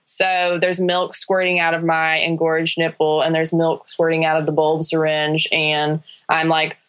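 A mother answers an interview question in a vivid, wry way. Her voice sits a little lower than most women's. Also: completely flat delivery, measured pace, a bit bright, clean tone.

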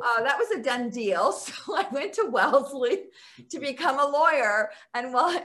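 A woman's voice: a little high, fairly bright tone. Older woman telling stories over a video call. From Texas. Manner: chatty, laughs often while telling stories. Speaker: guest actress. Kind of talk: casual interview storytelling.

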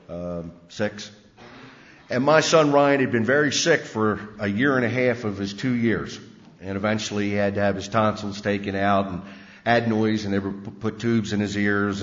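A middle-aged man with a fairly low voice tells his own story at a recovery meeting. He talks plainly, with fillers and restarts. The recording is muffled and carries a long hall reverb. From Maryland. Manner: plainspoken storytelling with frequent fillers and repeated words.

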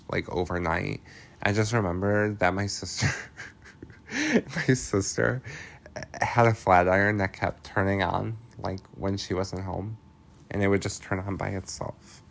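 Laid-back, slow-talking movie recapper. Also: low-pitched, gravelly. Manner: chatty, filler-heavy, swears freely, laughs often. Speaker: podcast host recapping a film.

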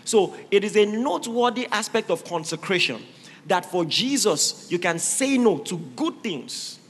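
Male preacher, high animated voice; emphatic sermon delivery in a reverberant hall. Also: slight background noise. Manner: emphatic, rising to shouted exhortations. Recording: reverberant hall with faint ambience.

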